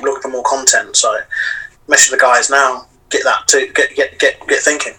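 A man chats loosely as a podcast guest, leaning on fillers and looping back on his points. His voice is sharply bright and slightly husky. He sits back from the mic, so he sounds distant over the video call. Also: medium pitch, steady tone, normal speed. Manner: rambling, heavy on fillers like "you know". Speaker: wrestling promoter and wrestler. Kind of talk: casual podcast chat.

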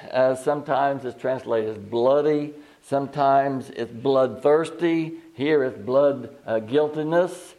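A man's voice: mid-range voice, darkish tone. An older man preaching an informal sermon in a folksy, digressive way, often restarting his sentences and chuckling at his own stories.

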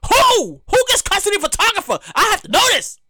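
Excitable high-voiced man ranting. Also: fast, dry recording. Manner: rambling, repetitive, profane, excitable. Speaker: podcast host. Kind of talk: comedic rant monologue.

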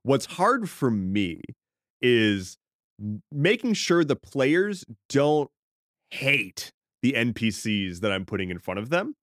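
A man's voice: mid-range voice, very animated, slow, a bit bright, no echo, studio quality. A man co-hosting a casual podcast as a game master, explaining his thinking at length with joking asides. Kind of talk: casual podcast chat about tabletop games.

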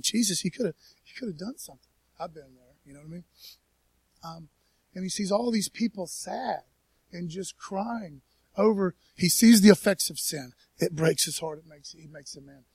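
Male pastor, high-pitched, relaxed folksy sermon delivery, dry recording. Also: slightly rough, dry recording. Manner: folksy, peppered with "man" and "you know". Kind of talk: casual conversational sermon. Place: church.

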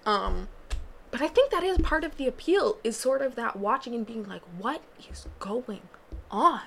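A woman's voice: on the high side, very animated, moderate pace, gravelly, slight background noise. Rambling young woman podcast host. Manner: rambling, self-interrupting, laughs often. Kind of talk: casual solo podcast chat. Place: small booth.

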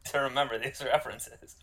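A man's voice: mid-range voice, bright, forceful tone. A man co-hosting a podcast in casual comedic chat, teasing and often restarting his sentences. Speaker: podcast co-host.

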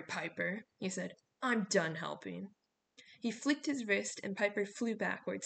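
A woman narrating a novel as an audiobook in a steady storytelling manner. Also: medium pitch, gravelly.

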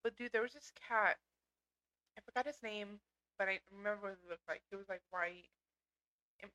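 Bright-voiced young woman in slangy chat. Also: mid-range voice, moderate pace, rough recording. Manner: casual, slangy, swears freely, calls others dude. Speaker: podcast co-host. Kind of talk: casual chat.

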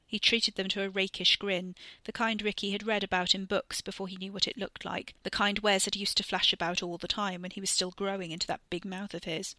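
A woman narrating a serialized story in a measured, literary style. Her voice is bright and clear, recorded close and dry. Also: mid-range voice, level tone, dry recording. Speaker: audiobook narrator. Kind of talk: scripted narration.

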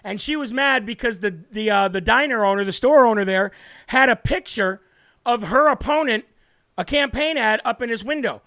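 A male political talk host with a strikingly high voice and a brash, forceful delivery. He hammers his points home in short repeated bursts, recorded dry and close with no room sound. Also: normal speed, no room sound. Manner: brash, emphatic, repeats for emphasis. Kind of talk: live political commentary.

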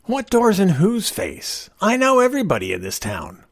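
Storybook figure: man playing a resentful young clerk, husky and raised in pitch. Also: huge pitch swings, normal speed, dry recording, clean studio sound, exaggerated voice. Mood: sullen bitter. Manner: sullen, resentful outbursts. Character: young despairing male bank clerk, sullen and bitter.

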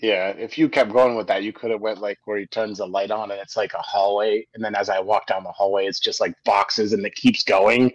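A man's voice: on the low side, fairly even intonation, a little fast, dry recording, dull audio. A man telling crude, joking stories in casual chat from his home basement.

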